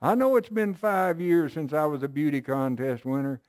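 A man's voice: fairly high pitch, normal speed, a little mellow, dry recording, lightly acted. A man voicing a worried adult queen who pleads and reasons aloud. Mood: resolute.

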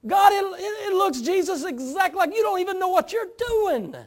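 A man preacher voicing a grieving woman crying out to God in anguish, his voice pushed up high and straining. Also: expressive, normal speed.

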